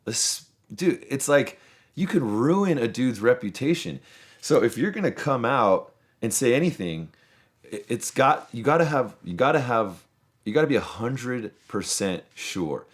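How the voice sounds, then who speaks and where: A man's voice: medium pitch, animated, unhurried. A man in his thirties hosting a podcast, telling long, rambling stories in casual chat and swearing freely. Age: 30s. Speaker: podcast host.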